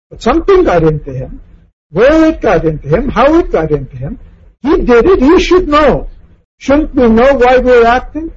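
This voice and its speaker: A man's voice: very high voice, sing-song, unhurried, a little mellow, breathy edge, muffled recording. A man giving a reflective lecture on a novel, asking questions and acting out quoted lines in passing.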